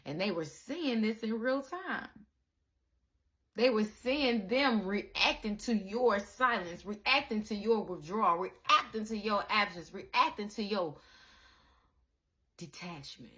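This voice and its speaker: A woman giving a casual spiritual monologue to her viewers, animated and profane, calling the listener baby and acting out the people she quotes. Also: mid-range voice, takes it slowly. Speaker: spiritual content creator.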